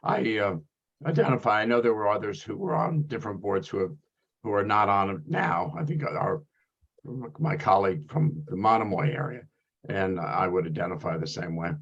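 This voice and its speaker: A man with a hoarse, scratchy voice, calmly explaining his position as a workgroup member on a video call. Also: on the low side, normal speed, highs cut off.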